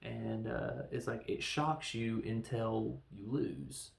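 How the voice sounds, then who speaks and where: A man hosting a casual film review podcast, rambling through the plot and briefly acting out characters in quick voices. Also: lowish voice, creaky, roomy sound. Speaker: podcast host reviewing films.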